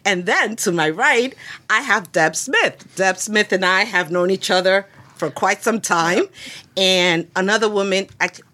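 A woman's voice: medium pitch, unhurried, bright, forceful tone. A woman hosting a podcast interview on a headset mic, enthusiastic and chatty. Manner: enthusiastic, chatty, laughs easily. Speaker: podcast host.

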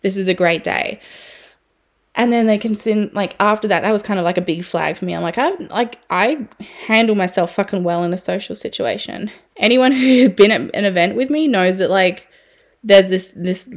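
Woman, 30s, podcast host: candid solo talk, loose and chatty, mid-pitched voice, drops swear words easily. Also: normal speed. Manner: frank and chatty, swears freely, many fillers. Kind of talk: candid personal podcast monologue.

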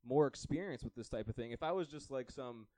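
A young Canadian man co-hosting a podcast tells a long holiday story in casual chat, voicing the quoted dialogue and laughing often. His mid-range voice moves briskly, and the recording is dry.

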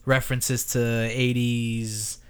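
A male podcast host in loose, offhand chat, cursing freely and poking fun at himself. His voice sits at an ordinary middle pitch for a man. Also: little pitch movement, takes it slowly, clear, resonant tone. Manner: loose, swearing, self-mocking. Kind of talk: casual chat.

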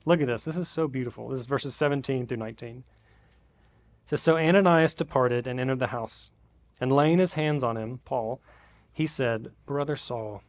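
A man in his thirties preaching a sermon in a church, talking in a casual, conversational way. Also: medium pitch. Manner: conversational, re-enacting family greetings with big voices. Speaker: pastor. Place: church sanctuary.

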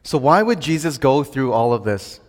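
A man's voice: medium pitch, big pitch swings, moderate pace. A man preaching a sermon earnestly, building to emphatic declarations. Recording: long hall reverb.

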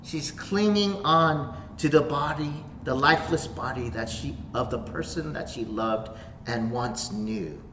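Male pastor, mid-pitched, preaching with big swings from loud to hushed, roomy echo. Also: a little slow, slight background noise. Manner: animated, swings from loud emphasis to soft near-whispers. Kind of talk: sermon.

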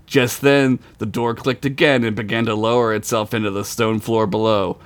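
A man narrating a tabletop game as game master, telling the story with animated delivery. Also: lowish voice, moderate pace, dry recording.

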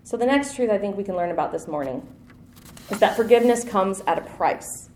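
A woman's voice: medium pitch, animated, brisk, darkish tone, a little hiss or hum. Woman preaching a chatty sermon in an echoey room. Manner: conversational and self-deprecating, with light laughs.

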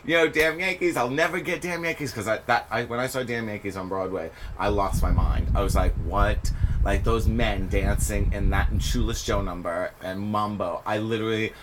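A man guest on a podcast, telling stories in a casual interview, animated and often laughing as he acts out what people said. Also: on the low side, normal speed, a little hiss or hum, rough recording. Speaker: podcast guest, stage performer.

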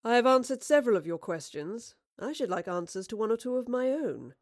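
A woman's voice: fairly high pitch, sing-song, brisk, darkish tone, no echo, studio quality, voice pushed up. A woman voicing a roguish male poet-spy. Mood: wry. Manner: wry and theatrical. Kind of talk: audiobook character reading.

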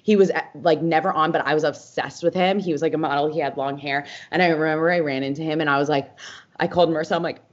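Chatting casually as a podcast co-host, a young woman swears constantly and leans on lots of fillers. Her voice sits low and moves fairly quickly, captured with dull lo-fi sound.

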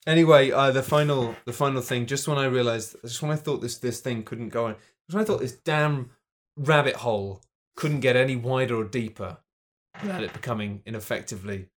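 Deadpan rambling man. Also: mid-range voice, a little fast. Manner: deadpan storytelling, rambling restarts. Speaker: podcast co-host. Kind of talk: absurdist comedy podcast chat.

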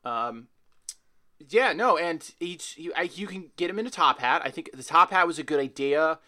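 A man on a comedy podcast with a bright, sharp tone, a slightly high voice and a lot of swing in his pitch. He spins mock-serious, absurd riffs, with plenty of ums and restarts along the way. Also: lively intonation, moderate pace. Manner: mock-serious absurd riffing, hesitant fillers. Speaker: podcast co-host. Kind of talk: casual comedy podcast chat.

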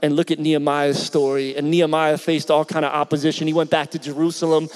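A middle-aged man from Philadelphia, a pastor telling a story in his sermon, talking in a conversational, animated way and asking the congregation questions. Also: on the high side, fast, long reverb tail.

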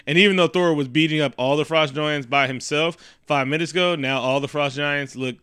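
A man's voice: fairly high pitch, fairly even intonation, fairly quick, a bit bright, clean tone, no echo, clean studio sound. A man in casual, crude banter, recapping a movie and acting out the characters' lines.

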